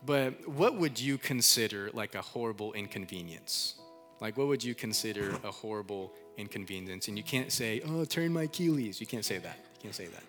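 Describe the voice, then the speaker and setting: A man's voice: fairly low pitch, lively intonation, moderate pace, fairly bright tone, faint music behind. A man preaching a sermon in a church, talking casually, repeating himself a lot and asking the congregation to call out answers. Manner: casual, repeats phrases, lots of "like". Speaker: pastor.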